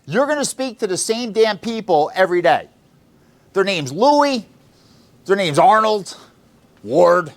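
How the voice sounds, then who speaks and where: A sales boss pumps up his team in the office. His voice sits a little high for a man. He talks bluntly, swears freely and keeps quizzing the room on what he means. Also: big pitch swings, unhurried, pauses often. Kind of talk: motivational talk to sales staff.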